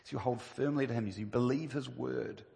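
A man's voice: mid-range voice, fairly quick, vocal fry, dark tone. A man preaching a sermon, emphatic and full of rhetorical questions. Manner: emphatic, rhetorical questions, rising to stress key phrases. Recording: long reverb of a church hall.

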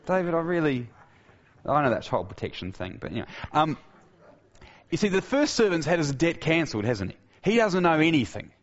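A man preaching a sermon. He talks emphatically, repeats key phrases, restarts his sentences often and drops to a soft low voice for key points. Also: sing-song, moderate pace, highs cut off.

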